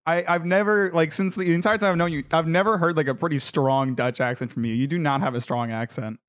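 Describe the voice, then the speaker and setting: A male podcast host with a slightly higher-than-average voice, chatting loosely. He laughs a lot, teases his guest and fills the gaps with "uh". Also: fairly even intonation, brisk, fairly bright tone. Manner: laughing, teasing, filler-heavy. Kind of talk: casual podcast chat.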